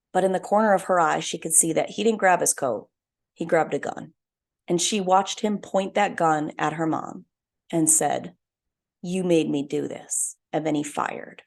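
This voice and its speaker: Speaking alone on her podcast, a young woman tells a story in an earnest, heartfelt way. Her slightly low voice has a gravelly edge throughout, and the talk is reflective.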